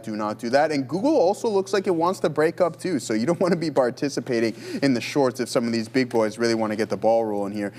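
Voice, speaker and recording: Excitable man calling live trades. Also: mid-range voice, a little hiss or hum. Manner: excitable, joking, thinks aloud with restarts. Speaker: livestream trading host. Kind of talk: live trading commentary.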